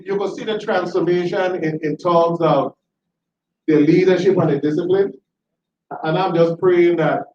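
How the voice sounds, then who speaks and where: A man telling animated, laughing anecdotes in a tribute speech. He often repeats himself as he talks. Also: fairly high pitch, a little hiss or hum. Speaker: tribute speaker, former school educator. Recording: roomy, distant, dull hall recording.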